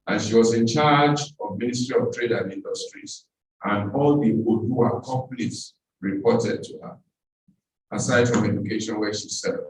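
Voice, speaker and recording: A man with a Nigerian accent giving a seminar talk, telling a story with emphatic repetition. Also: mid-range voice. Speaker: seminar speaker. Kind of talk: storytelling speech. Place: seminar hall. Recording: echoey hall, speaker far from mic.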